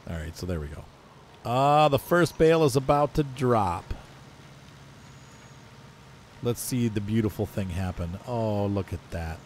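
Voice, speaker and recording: A man casually commentating his own farming game, chatty and self-mocking, often jumping into playful high exclamations. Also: expressive, measured pace, long pauses, darkish tone, a little hiss or hum. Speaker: gameplay commentator. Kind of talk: casual let's-play commentary.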